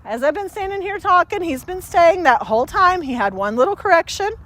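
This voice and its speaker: A woman's voice: extremely high pitch, lively intonation, a little fast, fairly bright tone. A woman dog trainer giving a casual training demonstration, chatting with many fillers and breaking off for short, upbeat praise to the dog.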